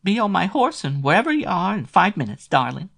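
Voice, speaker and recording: A man's voice: sits high, very animated, brisk, vocal fry, fairly bright tone, pitched above the performer's own voice, heavily acted. A man voicing a seductive, pushy woman lover with a sexy voice in an audiobook. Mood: coaxing.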